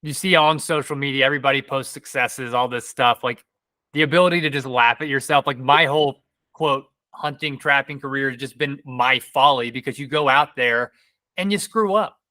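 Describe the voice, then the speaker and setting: A man hosts a casual podcast conversation, his tone bright and forward. He is recorded dry and close, and he talks in loose, rambling explanations. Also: mid-range voice, normal speed, no room sound. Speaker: podcast host. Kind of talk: casual interview chat.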